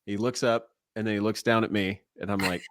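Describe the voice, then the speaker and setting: A man's voice: fairly low pitch, fairly quick, slight background noise. A man in his forties, a former ballplayer and guest, telling stories in a casual interview and laughing often. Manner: animated, laughs often mid-story. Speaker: guest, former baseball player and broadcaster.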